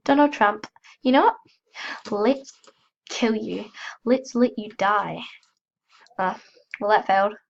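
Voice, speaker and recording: A woman's voice: medium pitch, slow, creaky, pauses often, lo-fi sound. A woman with a cold giving chatty, self-mocking commentary as she plays, gasping and squealing when startled. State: has a cold. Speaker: gaming channel host. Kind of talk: casual gameplay commentary.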